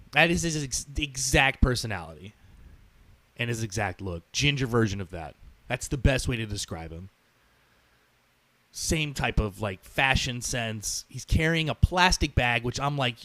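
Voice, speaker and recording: A man's voice: on the high side, no echo. A man hosting a podcast who tells a story in a sarcastic, profane rant. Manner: animated, sarcastic, swears often. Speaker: podcast host.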